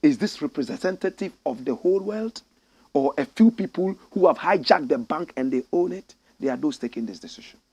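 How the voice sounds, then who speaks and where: A middle-aged Ghanaian man with a slightly raised pitch, speaking as a commentary show host. His delivery is fiery and preaching, often climbing into loud, passionate outbursts. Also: animated, brisk, breathy edge, no echo. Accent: Ghanaian English. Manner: fiery, preaching, voice rising to shouts.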